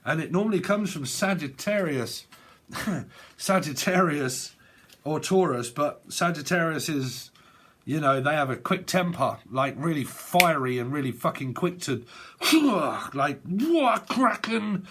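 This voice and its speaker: A man's voice: fairly high pitch, unhurried, fairly bright tone. A man giving a casual tarot reading, rambling and swearing, often breaking into laughter. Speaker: tarot reader.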